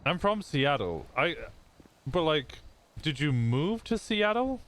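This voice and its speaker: A man's voice: fairly high pitch, big pitch swings, slow. A male streamer chatting casually out of character during a role-play stream, curious and swearing freely, often trailing off mid-sentence.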